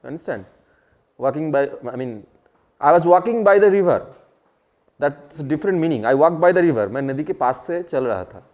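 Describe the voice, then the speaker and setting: A man with an Indian English accent and a rather high, expressive voice teaches English at a quick pace, switching to Hindi for word explanations. He quizzes his students and repeats key phrases, heard through a dull, lo-fi classroom recording.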